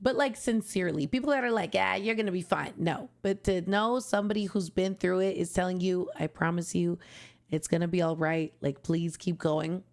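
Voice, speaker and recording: A woman's voice: fairly low pitch, fairly even intonation, normal speed. A young woman streamer reacting to an album, talking in a heartfelt, gushing way that turns tearful at times. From Canada. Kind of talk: emotional casual reaction commentary.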